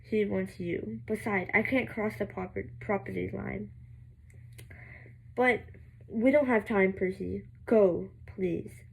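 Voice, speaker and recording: A woman's voice: mid-range voice, steady tone, slow, vocal fry, slightly rough, heavily acted, rough recording. A young woman reading a novel aloud, voicing a worried mother who urges her son to flee, stumbling over some words. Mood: urgent.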